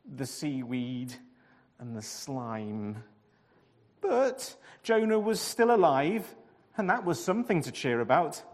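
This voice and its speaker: A man telling a storybook tale in a sing-song way, repeating phrases with dramatic pauses. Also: medium pitch, a little mellow, big-room sound. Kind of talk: expressive storybook narration.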